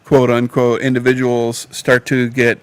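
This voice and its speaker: A man co-hosting a casual podcast, hesitant and agreeable as he hunts for the right words. His voice sits at an ordinary pitch. The recording is dry, with little room sound. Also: completely flat delivery, unhurried, no room sound. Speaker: podcast co-host.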